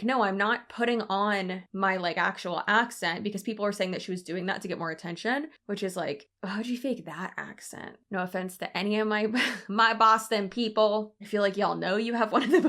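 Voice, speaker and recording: A woman's voice: mid-range voice, a bit bright. Chatty woman with a light Southern lilt. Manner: chatty, frank, many fillers, laughs at herself. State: pregnant. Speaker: commentary YouTuber. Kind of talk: casual commentary vlog.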